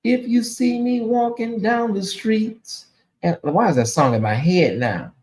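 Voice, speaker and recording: High-voiced man hosting a late-night livestream. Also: animated, unhurried, darkish tone. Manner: chatty, emotional, thanking donors by name. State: sleepy. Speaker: livestream host. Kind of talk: casual livestream chat.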